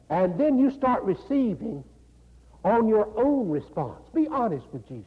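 Older male pastor, North Carolina accent, folksy sermon style; high, lively pitch, raspy gravel, lo-fi hall sound. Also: measured pace. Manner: folksy, laughing, animated preaching with repeated "you know". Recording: dull lo-fi recording in a reverberant hall.

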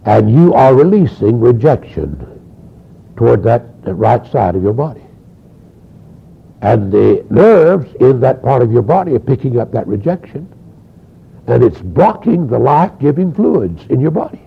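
A man preaching a sermon, telling a healing story with animated delivery and frequent stammered repeats. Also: mid-range voice, a little slow, vocal fry, husky. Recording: dull lo-fi sound.

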